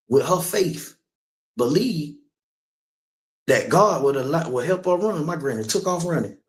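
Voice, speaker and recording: Guy telling a heavy story like a sermon, keeps asking if u get it, roomy echo. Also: on the high side. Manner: conversational, keeps asking "you know what I'm saying". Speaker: speaker. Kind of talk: personal testimony sermon.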